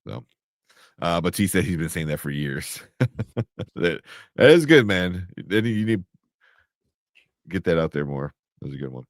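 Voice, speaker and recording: A man's voice: low voice, very animated, normal speed, pauses often, no room sound, clean studio sound. A man co-hosting a live entertainment news show, chatting casually and laughing as he reads out viewer comments. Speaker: podcast co-host. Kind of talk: casual chat.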